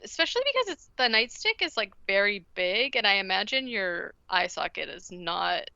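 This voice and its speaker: A woman's voice: medium pitch, big pitch swings, normal speed, gravelly, pushed and bright, no echo, lo-fi sound. A woman co-hosting a podcast, recapping a film in casual chat and acting out the characters' lines with energy. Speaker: podcast co-host.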